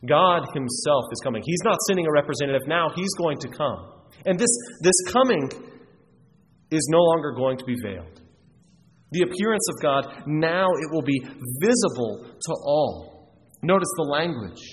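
A man's voice: a little high, big pitch swings, moderate pace. A man preaching a sermon, earnest and emphatic, often restarting his phrases. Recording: reverberant hall, faint noise.

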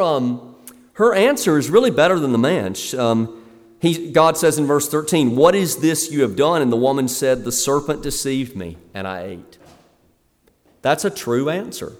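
A man delivers a sermon from the pulpit, emphatic and earnest, stumbling now and then on fillers before driving a point home. His voice sits a little high for a man. A long reverb from the hall trails after each phrase. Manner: emphatic, preacherly, with fillers and restarts. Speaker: pastor.

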